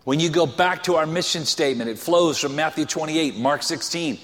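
A man's voice: fairly high pitch, normal speed, a bit bright, big-room sound. A male pastor preaching a sermon in a loose, conversational way, joking and using many filler words. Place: church sanctuary.

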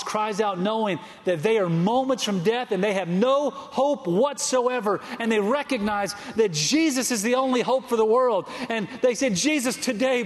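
A male pastor delivers a sermon in a notably high voice. He drives his points home with emphatic, repeated phrases. His words ring out with a long reverb through a large sanctuary. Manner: emphatic, repetitive cadence.

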